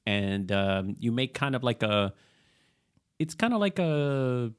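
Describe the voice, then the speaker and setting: Laughing middle-aged podcast host. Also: male voice, mid-range voice, very animated, takes it slowly, clean tone. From Puerto Rican. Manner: laughs easily, teasing storyteller. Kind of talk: casual chat.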